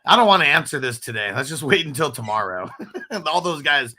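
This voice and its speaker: A man's voice: fairly high pitch, sing-song, fairly quick, pushed and bright. A man hosting a casual fantasy football chat show, reading chat comments aloud and telling stories with lots of laughter. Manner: loose, laughing storyteller, reads chat aloud. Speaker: podcast host.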